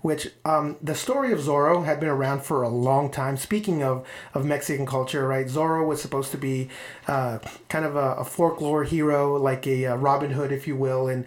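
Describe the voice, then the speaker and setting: A man's voice: mid-range voice, steady tone, moderate pace. A man co-hosting a casual podcast, rambling about old films, repeating words and laughing often. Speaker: podcast co-host. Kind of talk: casual chat.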